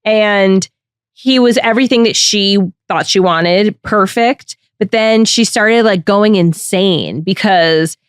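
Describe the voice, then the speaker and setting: A woman's voice: mid-range voice, slow, smooth, no room sound, clean studio sound. A woman hosting a podcast, talking frankly and thinking aloud in a candid chat. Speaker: podcast host.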